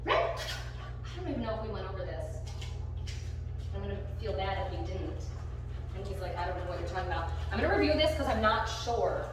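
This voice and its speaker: Lively woman dog trainer, echoey and distant. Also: normal speed, pauses often, background noise. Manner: bursts of excited, high-pitched praise between calm explaining. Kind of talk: live training demonstration with commentary. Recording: very echoey room, voice from far off the mic.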